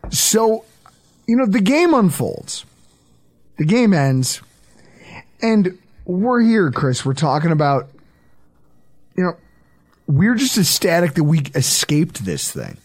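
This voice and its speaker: Podcast host, a man, expressive and quick to laugh, pitch all over the place. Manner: animated storyteller, laughs a lot. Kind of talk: casual sports podcast banter.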